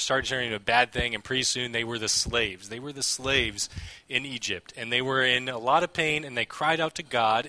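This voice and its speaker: A man preaching a relaxed, joking sermon to his congregation, reading scripture aloud. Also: mid-range voice, no room sound. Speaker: pastor.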